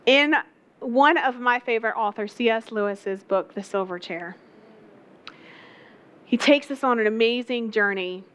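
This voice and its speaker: A woman's voice: on the high side, unhurried, pauses often, fairly bright tone, clean tone. A woman preaching a sermon, telling a story with emphatic repetition.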